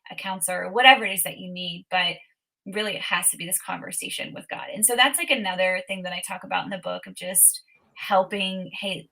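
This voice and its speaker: A woman's voice: lowish voice, a little fast, gravelly, pushed and bright, rough recording. A woman author and coach, a podcast guest, earnestly walking through a step-by-step process and speaking prayers aloud. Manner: Christian faith talk. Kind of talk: casual interview talk.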